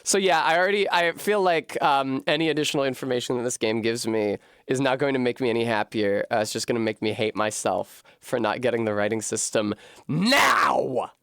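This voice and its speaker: Man streaming a game, casual rambling commentary, swears a lot, self-deprecating, middle pitch. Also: animated, a little fast, creaky, a bit bright, clean tone, no echo.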